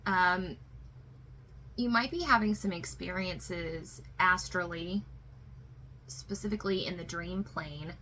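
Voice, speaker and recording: A woman's voice: fairly low pitch, slow pace, pauses often, bright, forceful tone, slight background noise, rough recording. Emotional woman giving a tarot reading. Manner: emotional, reassuring, many fillers. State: fighting back tears. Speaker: tarot reader. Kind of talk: spiritual tarot reading to viewers.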